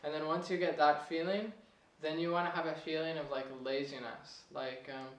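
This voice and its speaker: A man's voice: on the high side, moderate pace, far from the mic. Young man teaching piano in an echoey room. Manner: relaxed, chatty, chuckles at himself. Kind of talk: casual video lesson.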